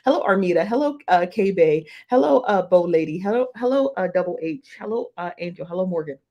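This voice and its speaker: A woman's voice: lowish voice, animated, brisk, highs cut off. A woman hosting a casual live-stream reaction show, chatty and slangy, greeting viewers by name one after another. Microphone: desk mic, close.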